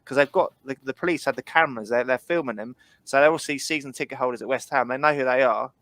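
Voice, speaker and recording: A man's voice: mid-range voice, fast, fairly bright tone, no room sound. A man, telling blunt, sweary football stories as a podcast co-host. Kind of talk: casual football podcast chat.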